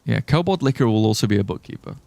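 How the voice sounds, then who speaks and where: A man's voice: on the low side, expressive, quick pace, creaky, darkish tone, no room sound. A young British man streaming a game, rambling and joking casually and swearing as he reads chat aloud. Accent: British English. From United Kingdom. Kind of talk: casual livestream chat while gaming.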